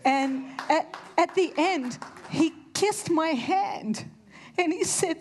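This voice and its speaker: A woman's voice: very high voice, takes it slowly, darkish tone, slight background noise. A woman preaching a sermon, earnest and conversational, telling personal stories. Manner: earnest, storytelling with conversational asides.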